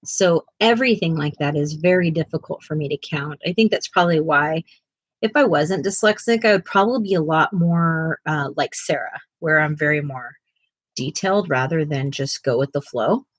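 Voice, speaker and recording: A woman's voice: low-pitched, moderate pace, no echo, low-quality recording. A woman co-hosting a casual art livestream, chatting in a self-deprecating way and laughing often, and now and then cooing to her pet. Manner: cooing baby talk to a pet.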